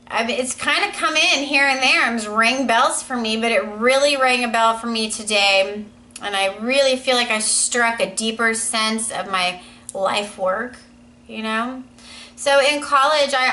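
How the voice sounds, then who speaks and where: A woman in her thirties talks to camera for a casual personal vlog, earnest and rambling, leaning heavily on "you know." Her voice is a little high, pushed, and bright, and the audio quality is poor.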